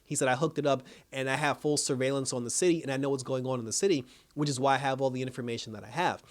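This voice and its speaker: A man giving a casual, animated recap of a TV episode, acting out the characters' lines and laughing as he goes. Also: medium pitch, rapid-fire. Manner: animated storytelling, acts out characters' lines, laughs while talking. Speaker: TV episode reviewer.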